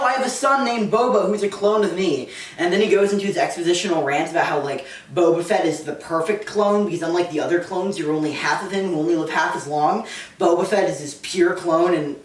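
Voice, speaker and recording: A man giving a casual, comedic lecture to a small audience, talking in a sarcastic, rambling way full of "like" asides. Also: high-pitched. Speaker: presenter. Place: room with a small live audience. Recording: echoey room, distant mic.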